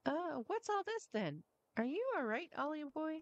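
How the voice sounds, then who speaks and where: A woman's voice: high voice, very animated, normal speed, no room sound, dull audio, soft background music, pitched above the performer's own voice. A woman voicing a chatty male fairy creature with a brash, teasing delivery while reading a game's dialogue.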